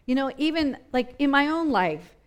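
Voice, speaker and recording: High-voiced woman preaching with fervor. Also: lively intonation, moderate pace. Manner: impassioned, repetitive, rising and falling intensity. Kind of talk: sermon.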